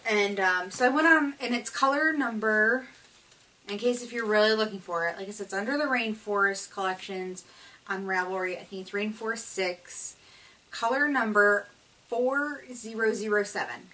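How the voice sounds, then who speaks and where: A woman's voice: mid-range voice, normal speed, bright, forceful tone, far from the mic, rough recording. A woman hosting a knitting video podcast, talking in a chatty, rambling way with lots of fillers. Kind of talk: casual chat.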